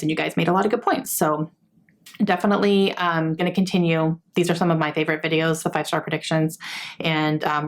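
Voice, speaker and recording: A young woman talks straight to her viewers about a book she loved. Her voice sits a little low, and her speech is chatty and full of fillers. It sounds like an easygoing vlog review. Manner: chatty, gushing, many fillers. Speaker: book vlogger. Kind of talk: casual book review chat.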